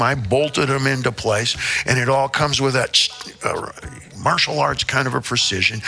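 Flamboyant older man, very bright voice. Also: medium pitch, vocal fry. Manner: flamboyant, theatrical, playful wordplay, swearing. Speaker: interview guest, rock singer. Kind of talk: casual storytelling interview.

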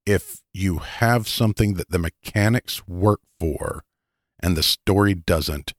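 A man with a deep voice co-hosts a casual gaming podcast, trading quick agreement and dry jokes. His voice is recorded dry and close. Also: no echo. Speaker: podcast co-host. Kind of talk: casual tabletop gaming chat.

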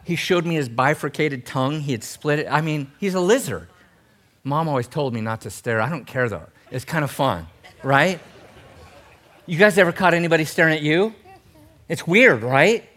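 A middle-aged male pastor preaching a sermon in an animated, humorous way, swinging between loud emphasis and soft tender passages. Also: fairly high pitch, normal speed.

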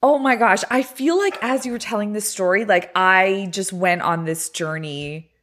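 A woman's voice: medium pitch, normal speed, fairly bright tone. A woman interviewing a guest, reacting and summarizing his story in casual chat.

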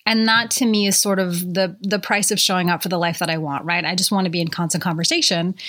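A woman's voice: on the low side, a bit bright. A woman in her thirties hosting her own podcast, talking candidly and chattily, with casual swearing and plenty of fillers. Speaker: podcast host. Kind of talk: casual solo podcast monologue.

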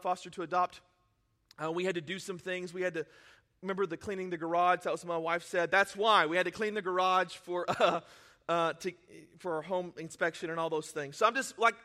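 A male pastor preaching a sermon, emotional and self-deprecating, swinging from quiet confiding to near-shouting. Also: sits high. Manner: self-deprecating, laughs at himself.

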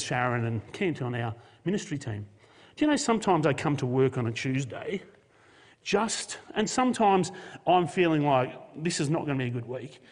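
A man preaching a sermon, swinging from loud emphatic lines to soft, quiet ones. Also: a little high. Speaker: pastor. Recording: long hall reverb.

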